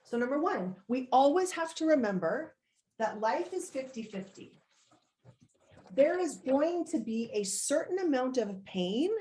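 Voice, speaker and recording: Woman coach, slightly high voice, unhurried, encouraging, talking to a live-stream audience. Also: a little mellow. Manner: encouraging, conversational, demonstrates with gestures. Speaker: life coach.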